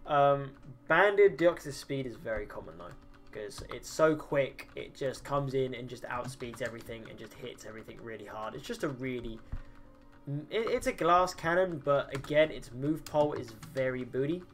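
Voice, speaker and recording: A man's voice: medium pitch, normal speed, fairly bright tone, soft background music. Tired man chatting on a game stream. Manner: chatty, swears, answers chat, many ums and restarts. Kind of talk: casual gaming livestream chatter.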